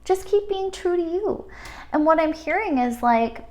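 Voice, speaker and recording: A woman giving a pick-a-card spiritual reading, speaking in a gentle, affirming and emotional way with many fillers. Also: very high voice, expressive, unhurried. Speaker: tarot card reader.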